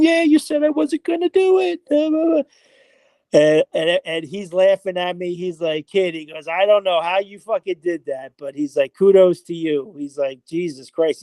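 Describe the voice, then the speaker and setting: A man, an interview guest who plays horses, telling a story in a casual, animated way. He acts out what other people said and swears now and then. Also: a little high, no echo. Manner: animated, acts out quoted voices, frequent "I was like", mild swearing.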